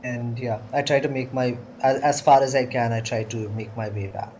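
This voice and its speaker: A man playing a tabletop game, hesitant and halting with fillers. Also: medium pitch, steady tone, darkish tone, slight background noise, rough recording. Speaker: player. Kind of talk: casual game play.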